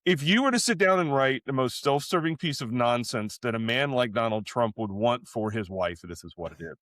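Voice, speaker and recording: Animated, stumbling male podcast co-host. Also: medium pitch, brisk, no echo, studio quality. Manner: animated storytelling, stumbles and repeats words. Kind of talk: casual conversational podcast chat.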